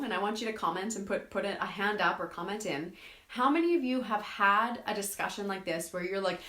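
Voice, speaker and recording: A woman hosting a live self-help talk who reads viewer comments and acts out quoted friends in an animated way. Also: medium pitch, fast talker, reverberant. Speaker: host.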